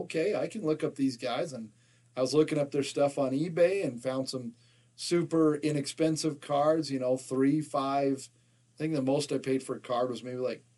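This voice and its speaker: A man from Utah, USA co-hosts a podcast in casual chat. His medium-pitched voice has a darkish tone, and he jokes, laughs often and stammers through restarts.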